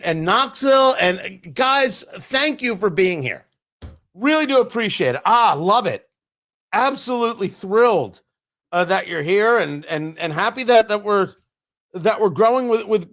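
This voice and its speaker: A man hosting a live-streamed talk show, his voice pitched high and leaping around with lively swings. He teases his chat viewers in animated banter, then stumbles through halting restarts when he turns to serious points. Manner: halting, restarts mid-sentence. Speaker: host.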